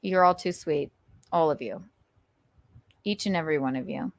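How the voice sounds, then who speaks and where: Late into a live stream, a thirty-something woman talks loosely with her audience, wandering off topic and tearing up a little as she says goodbye. She speaks low at a moderate pace, with no room sound on the recording.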